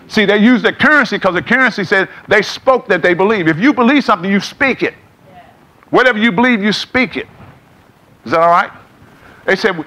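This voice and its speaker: A middle-aged pastor leads call-and-response preaching in a church sanctuary, asking the congregation to repeat his words. He speaks high and quick with lively intonation, long pauses, and a pushed, bright delivery.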